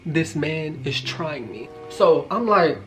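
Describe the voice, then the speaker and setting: A young man in his twenties telling a casual storytime, joking and slangy, with quick asides to his viewers. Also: on the high side, animated. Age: 20s. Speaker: vlogger.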